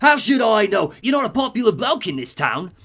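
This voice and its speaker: A man voicing a petty, vicious male crime boss in a Cockney accent, snarling threats and yelling insults. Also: high-pitched, big pitch swings, a little fast, pitched above the performer's own voice, exaggerated voice. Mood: pleading.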